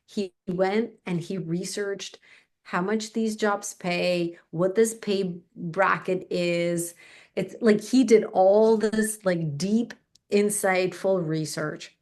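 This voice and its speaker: Middle-aged woman, interview guest, animated storyteller, acts out the voices of others. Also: medium pitch, slow pace. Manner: animated, acts out the people in her stories. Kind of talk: personal storytelling in a casual interview.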